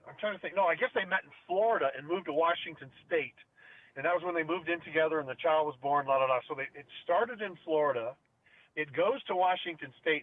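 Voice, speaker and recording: A middle-aged man rambles through a story in casual chat, slightly high-pitched and full of ums and restarts. His voice comes through narrow and phone-like, with a dry, close sound. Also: dry recording. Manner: rambling, many fillers and restarts. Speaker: podcast co-host.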